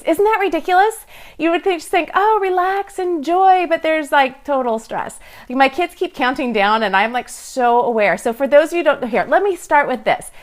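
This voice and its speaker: Bubbly chatty woman, slightly high voice. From Southern California, USA. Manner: reads and answers viewer comments aloud. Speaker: blogger and livestream host. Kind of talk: casual livestream chat.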